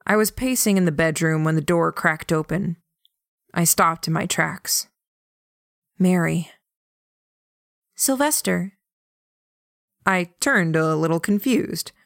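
Woman audiobook narrator, low voice, very slow, calm, dry close sound. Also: dry recording. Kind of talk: first-person audiobook narration.

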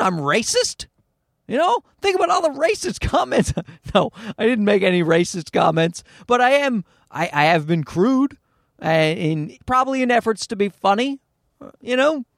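A gravelly, slightly high-voiced man rambles through a comic story, his pitch leaping up whenever he mimics someone. The sound is dry and close, with no room around him. He swears casually and keeps a loose, conversational rhythm. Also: dry recording. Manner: animated storytelling, swearing, jumps into voices for quotes. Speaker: comedian podcast host. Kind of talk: casual comedic monologue.

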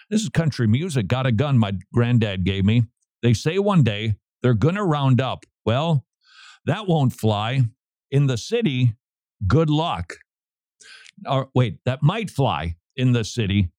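Guy hosting talk radio, super lively voice, dry studio sound. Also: medium pitch, no room sound. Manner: animated, teasing, reads lyrics aloud. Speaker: radio host.

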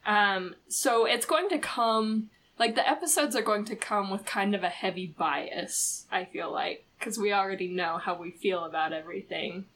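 Chatty excitable woman podcast host. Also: mid-range voice, moderate pace, hardly any pauses, slight background noise. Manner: chatty, excitable, many fillers. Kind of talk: casual podcast chat.

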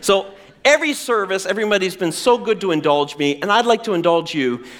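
Animated high-voiced male pastor. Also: quick pace. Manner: animated, acts out whiny voices for effect. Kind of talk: sermon.

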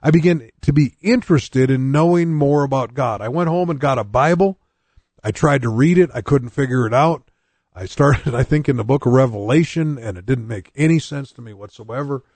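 A man's voice: medium pitch, normal speed, darkish tone, no echo. Earnest older man giving a testimony. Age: 60s. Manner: earnest, plain-spoken storytelling that speaks straight to listeners. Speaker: preacher. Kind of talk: personal testimony sermon.

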